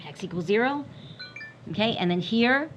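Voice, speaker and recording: A woman math teacher giving a recorded lesson, repeating warnings emphatically in a playful way. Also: medium pitch. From Canada. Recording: dull lo-fi sound with faint hiss.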